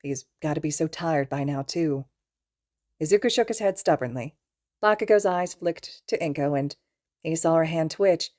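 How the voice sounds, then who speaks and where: A woman reading a fan fiction audiobook aloud in a calm, even storytelling manner. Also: low-pitched, normal speed. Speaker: podfic reader.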